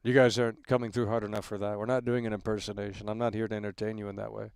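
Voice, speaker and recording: Racing along in a fairly low, flat voice that is clear and resonant, this livestream talk show host pumps up his viewers with the same catchphrases again and again. He rambles through opinions, restarting often and leaning on fillers, with no echo in the recording.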